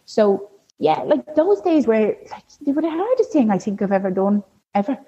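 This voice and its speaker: A woman's voice: on the high side, sing-song, moderate pace, warm tone, slightly rough. A woman guest telling a personal story in a candid, chatty way, leaning on filler words. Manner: chatty, heavy use of "like" fillers. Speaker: podcast guest sharing a birth story. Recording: dull lo-fi recording.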